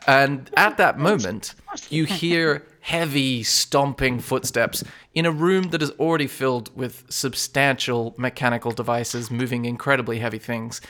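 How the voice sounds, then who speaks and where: A man narrating as game master in a relaxed way, laughing often between lines. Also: medium pitch, a little slow, few pauses. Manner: relaxed, chuckling narration with fillers.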